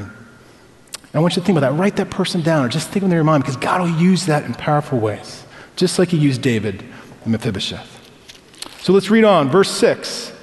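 A man's voice: a little high, animated, a little fast. A man preaching a sermon as a pastor, telling stories in a conversational way. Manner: conversational storytelling with personal anecdotes. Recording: long hall reverb.

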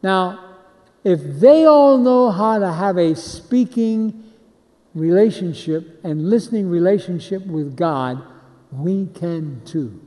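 A preacher, a man who speaks slowly and leads his congregation in repeated call-and-response lines. His voice sits high and mellow. A long reverb from a large hall trails behind each phrase. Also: expressive. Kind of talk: sermon.

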